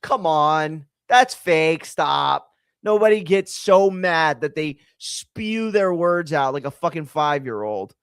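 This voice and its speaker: Male host, casual swearing reaction commentary, lively swooping pitch, dry close recording. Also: slow pace, smooth, dry recording. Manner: animated, profane, rambling with restarts.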